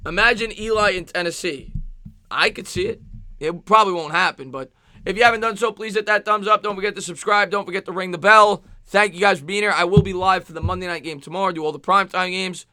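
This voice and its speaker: A man with a New York accent streaming live play-by-play football commentary, excitable, with rhyming calls and thanks to chat viewers. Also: high voice, fast talker, no echo, clean studio sound. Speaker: sports streamer.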